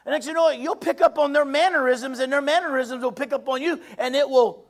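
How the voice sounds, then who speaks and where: A male preacher with a strikingly high-pitched voice delivers a sermon. He hammers his points by repeating phrases, rising to shouts and then dropping to hushed asides. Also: brisk. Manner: emphatic, repeats phrases, swings between shouting and quiet.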